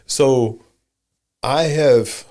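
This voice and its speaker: A man co-hosting a marriage podcast, talking emphatically in casual chat with his wife and repeating short blunt commands. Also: medium pitch. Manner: softens and slows when speaking to his wife. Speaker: podcast co-host.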